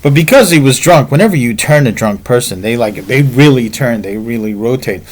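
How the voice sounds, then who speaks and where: A man's voice: mid-range voice, expressive, fairly quick. A man telling a martial arts story in a casual, rambling way, with frequent fillers.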